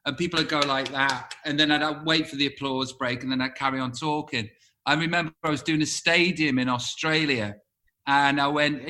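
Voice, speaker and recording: A man's voice: on the high side, steady tone, brisk, bright, forceful tone, a little hiss or hum. A man telling a comic anecdote from his stage career, acting out his own stage lines as he builds to the punchline. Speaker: storyteller recounting a stage anecdote.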